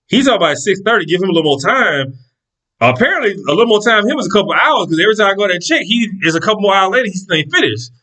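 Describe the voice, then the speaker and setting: A man casually telling a personal story in an animated, profane, exasperated way. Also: high voice.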